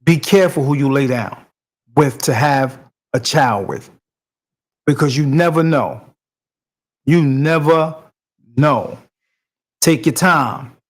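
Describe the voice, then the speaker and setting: A man's voice: fairly high pitch, slow pace, pauses often. A male podcast host giving commentary on a video clip in a preachy, emphatic way, repeating his points.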